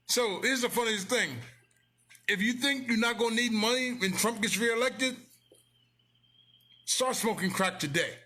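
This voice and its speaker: A business owner promoting his company delivers a blunt, casual motivational rant close to the mic, preachy and repeating lines for emphasis. His high voice is expressive, pushed and bright, unhurried, with frequent pauses.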